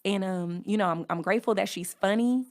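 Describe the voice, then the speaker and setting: A woman's voice: mid-range voice, fairly quick. A woman hosting a podcast, talking candidly and frankly in casual speech. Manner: frank, conversational, reading from notes. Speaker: podcast host. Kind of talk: candid personal monologue.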